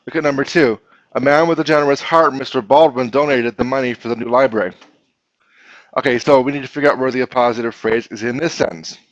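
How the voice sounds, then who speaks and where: A man's voice: mid-range voice, quick pace, no room sound, lo-fi sound. A man teaching a grammar lesson to a class, patiently explaining step by step and asking his students questions.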